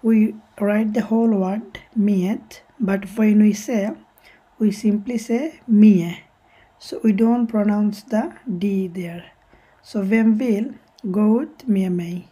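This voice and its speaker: A woman's voice: mid-range voice, fairly even intonation, slow, mellow, husky, rough recording. A woman teaching a language lesson step by step, patiently repeating each example and translating it, sometimes correcting herself.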